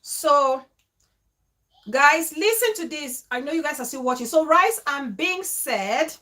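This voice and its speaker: A woman with a high-pitched voice hosts her own vlog, speaking emotionally and exclaiming as she reads viewer comments aloud. She is from Cameroon and breaks off her reading with her own asides to the audience. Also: expressive, unhurried, pushed and bright. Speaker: vlogger.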